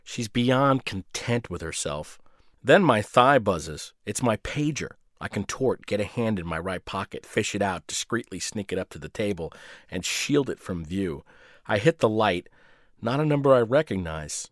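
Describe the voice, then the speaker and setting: A male radio host reading his own short story in a sardonic, deadpan way. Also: lowish voice, normal speed, no room sound, studio quality.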